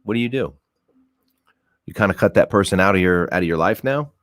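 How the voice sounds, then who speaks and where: A man's voice: sits low, expressive, fairly quick, dry recording. A man hosting a casual livestream on a headset mic, rambling loosely, laughing often and swearing casually. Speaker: livestream host.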